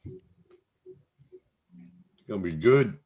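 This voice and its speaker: A man's voice: lowish voice, wildly swooping pitch, slow, darkish tone. A man hosting a casual livestream chat over an online call, joking and laughing often. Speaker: livestream host.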